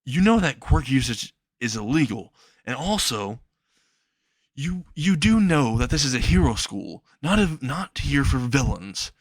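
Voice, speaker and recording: A pompous, rule-obsessed teenage boy in a fan-made spoken story, as a man puts him on. He lectures and accuses in a stiff, preachy way, in a plain mid-pitched voice. The recording sounds dry and close. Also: big pitch swings, measured pace, no echo. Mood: lecturing.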